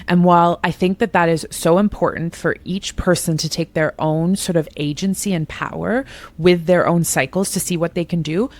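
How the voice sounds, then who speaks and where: A woman in her thirties hosting a podcast interview, talking in an enthusiastic, chatty and self-deprecating way. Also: lowish voice. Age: 30s. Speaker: podcast host. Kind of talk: conversational interview.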